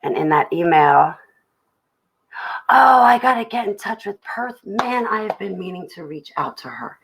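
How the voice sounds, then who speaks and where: A woman's voice: mid-range voice, sing-song, unhurried, gravelly, a bit bright, husky, poor audio. A young adult woman hosting a livestream, rambling chattily about her day and greeting viewers in the chat. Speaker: livestream host.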